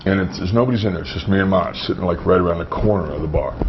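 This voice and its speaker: A man's voice: low voice, very fast, vocal fry. A man, a guest, telling stories in a rambling, casual way full of restarts. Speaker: wrestler guest. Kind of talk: casual storytelling. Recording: dull, slightly noisy recording.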